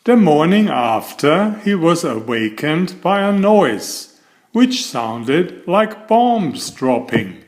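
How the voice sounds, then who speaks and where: A man reading a children's picture book aloud, addressing the young listener playfully and drawing out his words. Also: a little high. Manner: animated, drawn-out, playful to children. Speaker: storybook reader.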